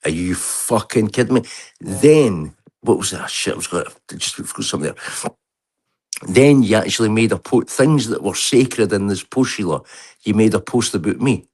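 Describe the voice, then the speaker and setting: A man's voice: lowish voice, lively intonation, normal speed, darkish tone, slightly rough. A man on a video call, telling an angry, heated and sweary story with lots of restarts. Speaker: livestream guest. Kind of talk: heated casual rant.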